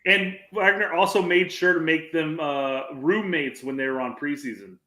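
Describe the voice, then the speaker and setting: A man with a slightly high voice, co-hosting a soccer podcast from an echoey room. He asks questions and passes along what viewers are saying. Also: normal speed, sharp tone. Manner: questioning, relays audience comments. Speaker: podcast co-host. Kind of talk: casual soccer chat.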